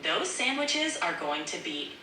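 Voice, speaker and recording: A woman's voice: fairly low pitch, very animated, a little slow, pushed and bright, far from the mic, a little hiss or hum. A synthetic woman's voice acting as an AI co-host, upbeat and full of compliments. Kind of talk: cheerful assistant replies. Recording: echoey room, voice from across it.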